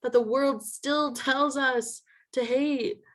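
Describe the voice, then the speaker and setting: A woman's voice: fairly even intonation, slow pace. A woman hosting a casual interview, chatting with many fillers. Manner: chatty, many "like" fillers, quotes people in a higher voice. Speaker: podcast host.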